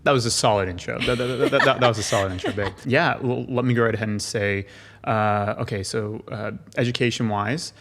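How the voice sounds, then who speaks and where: A man's voice: mid-range voice, steady tone, a little fast, heavy background noise. A young man hosting a casual podcast, rambling and often stammering through repeated words. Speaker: podcast host. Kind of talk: casual chat.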